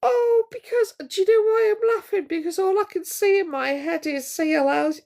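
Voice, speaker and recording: A woman's voice: extremely high pitch, normal speed, creaky, a little mellow. A woman hosting a casual live stream, chatting to viewers in a gossipy, teasing way.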